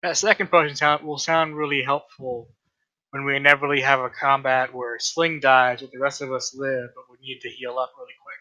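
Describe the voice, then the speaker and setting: A man's voice: mid-range voice, little pitch movement, a little fast, sharp tone, highs cut off. A man chatting casually as a player in a tabletop game, joking and swearing.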